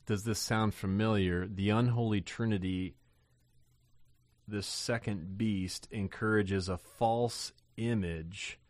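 Male Bible teacher, lowish voice. Reads each verse, then riffs with restarts and fillers. Dry, close mic. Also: dry recording.

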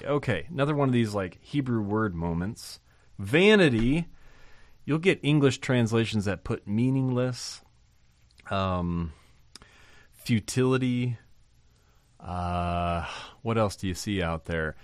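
Man, Bible teacher, lowish voice, dry close sound, conversational, animated emphasis. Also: unhurried, dry recording. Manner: conversational, thinking aloud with fillers and restarts. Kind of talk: informal Bible lesson.

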